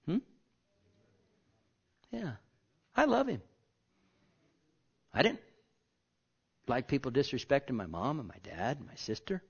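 A man preaching a sermon as pastor, impassioned, moving from loud outbursts to hushed whispers. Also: mid-range voice, wildly swooping pitch, slow pace, gravelly, long pauses, husky, lo-fi sound.

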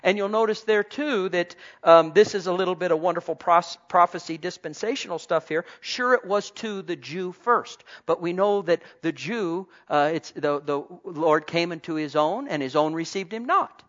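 A man preaching a sermon to his congregation, swinging between loud exclamations and soft asides. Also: sits high, normal speed, hardly any pauses. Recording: dull lo-fi recording.

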